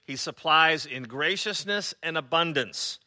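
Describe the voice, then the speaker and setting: A man preaching a sermon as pastor, conversational and sarcastic, often pausing on fillers. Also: a little high, pushed and bright.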